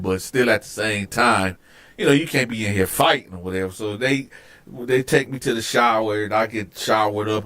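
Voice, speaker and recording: A man hosting a show, telling a personal story casually, animated and profane, acting out scenes with loud outbursts. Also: fairly low pitch. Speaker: host.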